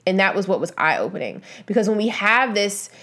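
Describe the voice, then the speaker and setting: A woman speaking straight to her audience in a casual, motivational vlog. She talks earnestly and with emphasis, often restarting phrases and leaning on fillers as she stresses her points. Her pitch sits in the middle range. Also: sing-song, brisk, bright, forceful tone. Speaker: vlogger giving money advice. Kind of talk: casual motivational talk to camera.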